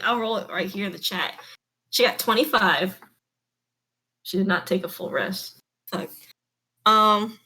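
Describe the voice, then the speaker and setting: A woman's voice: medium pitch, pushed and bright. A woman running a tabletop game as game master, chatty and giggly, swearing freely as she narrates.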